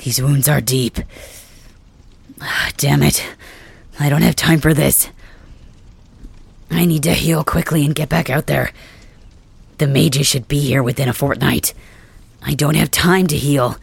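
Someone playing Bakugou, a gravelly wounded dragon king. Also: medium pitch, fairly even intonation, a little slow, long pauses, dry recording, heavily acted. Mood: gruff. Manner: gruff, brusque, swears, hesitant fillers. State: in pain, wounded. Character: wounded, stubborn young male dragon king. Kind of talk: ASMR role-play.

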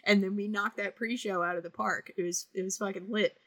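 A woman hosting a casual podcast, telling an anecdote in an animated way. She swears freely as she talks. Her voice has a bright, forceful edge at a middling pitch. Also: a little fast, no echo. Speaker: podcast host.

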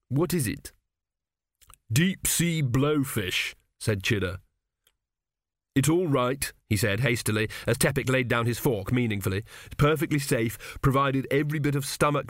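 A man reading a comic fantasy novel aloud as an audiobook, with measured storytelling and light voices for the characters. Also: medium pitch, no echo, clean studio sound. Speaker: audiobook narrator. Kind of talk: scripted audiobook narration.

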